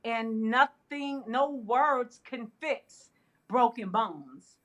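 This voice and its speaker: A middle-aged woman, a guest on an interview show, telling a personal story in a casual, animated way with frequent laughs. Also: fairly high pitch, extremely slow. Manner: animated, laughs often, fillers like "you know". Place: interview studio.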